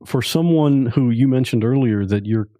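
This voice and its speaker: A man's voice: medium pitch, moderate pace, mellow, no echo, clean studio sound. A man hosting a podcast, asking a guest curious questions with a lightly amused manner. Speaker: podcast host. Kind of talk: interview questions.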